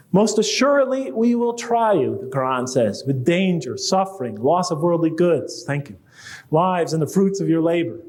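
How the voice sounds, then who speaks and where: A man's voice: on the high side, darkish tone. A man giving a conversational public lecture to a live audience, asking rhetorical questions and reading quoted verses aloud.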